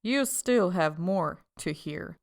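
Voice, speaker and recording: A woman voicing a scheming, two-faced male official who talks in a sly, half-mocking and forceful way, in an audiobook. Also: fairly low pitch, expressive, takes it slowly, gravelly, exaggerated voice. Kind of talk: audiobook character voice.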